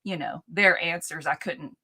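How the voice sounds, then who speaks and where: A woman's voice: sits low, normal speed, pushed and bright, husky. A woman co-hosting a live chat show, chatting and reading out viewer questions. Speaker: co-host.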